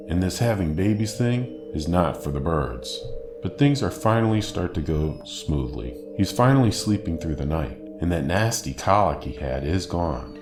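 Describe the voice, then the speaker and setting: A man narrating a true scary story from a script in a steady, wry storytelling manner. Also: very deep voice. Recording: echoey room with faint hiss.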